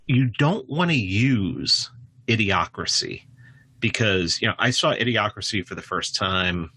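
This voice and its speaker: A man speaking as a podcast guest in casual conversation, rambling with frequent restarts and sudden animated jumps in pitch. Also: unhurried, husky.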